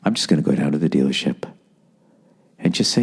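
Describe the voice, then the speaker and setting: A man's voice: lively intonation, a little fast, creaky, long pauses, husky. A middle-aged man from the United States hosting a podcast, riffing in a rambling, exasperated comic monologue full of profanity. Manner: frequent profanity, exasperated, mimics people in high voices. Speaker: podcast host.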